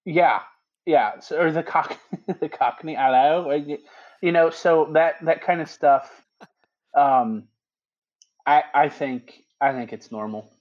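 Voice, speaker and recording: A man who is a Catholic priest, chatting casually as a podcast guest, laughing easily and filling pauses with "you know.". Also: a little high. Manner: laughs easily, animated, lots of fillers. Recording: slightly dull lo-fi sound.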